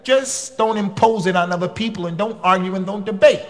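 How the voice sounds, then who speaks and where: A man's voice: a little fast, a bit bright. Emphatic man preaching bluntly. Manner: emphatic, with sudden rises in pitch; blunt and conversational. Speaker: preacher and khatib. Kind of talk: lecture to a congregation.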